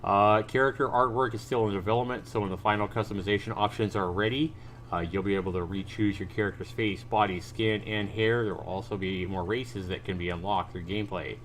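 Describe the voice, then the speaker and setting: A man with a fairly low voice, commentating on a game he is playing live. He reads the on-screen text aloud and throws in casual exclamations and remarks to his viewers. A faint hiss of background noise sits under his voice. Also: fairly even intonation, a little fast, a bit bright.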